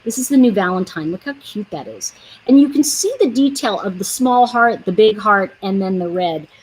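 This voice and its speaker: A woman's voice: medium pitch, lively intonation, normal speed, slight background noise, low-quality recording. Chatty woman selling nail polish. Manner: chatty, rambling, reads out viewer comments. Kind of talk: casual livestream chat with viewers.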